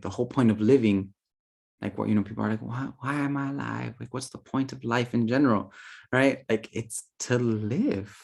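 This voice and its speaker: Slangy man teaching about spirit guides. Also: fairly low pitch. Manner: playful, slangy, lots of fillers and quoted asides. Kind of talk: casual talk on spirit guides.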